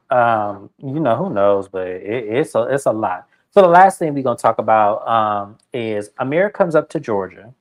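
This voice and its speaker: A man recapping a reality show in casual, animated commentary, with plenty of filler words and quick retellings. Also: medium pitch. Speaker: reality TV reviewer.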